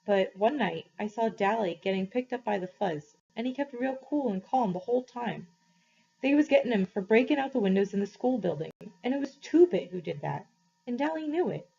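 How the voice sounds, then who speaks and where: A woman's voice: a little high, lively intonation, fairly quick, gravelly, warm tone, slightly rough, pitched above the performer's own voice, heavily acted. Female reader doing a guilt-ridden teen boy; tremulous, earnest, storybook read-aloud, dull lo-fi sound. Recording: slightly muffled, dull recording.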